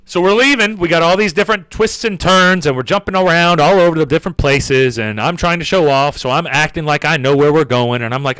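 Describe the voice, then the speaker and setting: A young man hosting his own show, telling a story in a casual, rambling way that gets animated and sweary. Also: on the high side, brisk, few pauses. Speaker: podcast host.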